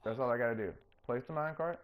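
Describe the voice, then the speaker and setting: A man hosting his own gaming channel, chatting casually through his gameplay and getting openly excited when things work. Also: rapid-fire, slight background noise. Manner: coaxes the game character in a higher, playful voice.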